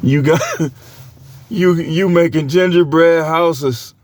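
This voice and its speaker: A man's voice: fairly high pitch, steady tone, slow, darkish tone, slight background noise. A man with a cold who coughs now and then, preaching a casual, joking sermon with lots of laughter and slangy banter.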